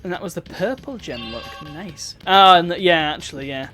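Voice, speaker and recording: A man's voice: sits high, moderate pace, bright, forceful tone, soft background music. A man giving chatty, wry commentary while streaming a video game. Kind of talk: casual gameplay commentary.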